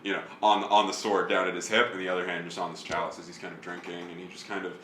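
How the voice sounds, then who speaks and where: A man's voice: sits low, level tone, very fast, sharp tone, slight background noise. A man narrating a tabletop role-playing game as game master, rambling with lots of fillers and vivid description. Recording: roomy echo, faint music behind.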